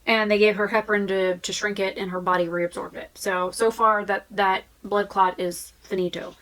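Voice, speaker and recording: A woman's voice: medium pitch, little pitch movement, moderate pace, fairly bright tone, poor audio. A woman vlogging in a frank, chatty way, with fillers and restarts. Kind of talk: candid casual talk to camera.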